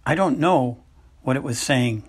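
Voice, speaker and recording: A haughty, eccentric older woman seer who stumbles over her words with halting ums and uhs, voiced by a man reading an audiobook. The voice is husky and sits at a middling pitch.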